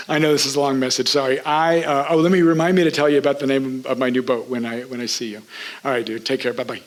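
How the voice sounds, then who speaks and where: A man telling a true story on a theater stage, in an animated, conversational way. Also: mid-range voice, fast, low-quality recording. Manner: animated, conversational, quotes people in his story. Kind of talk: first-person stage storytelling.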